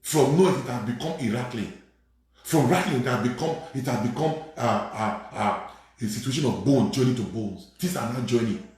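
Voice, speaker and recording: A man preaching a sermon as a priest, repeating phrases and building to sudden shouted emphasis. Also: medium pitch, moderate pace. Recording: very echoey room with faint music.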